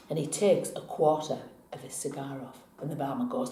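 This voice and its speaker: A woman in a casual tarot vlog chat, her voice rising and falling in a lively way. She laughs easily and slips into bits of song. The sound is roomy and echoey. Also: extremely low pitch, a little fast, few pauses. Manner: chatty, laughs often, breaks into song. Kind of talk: casual chat and joke telling.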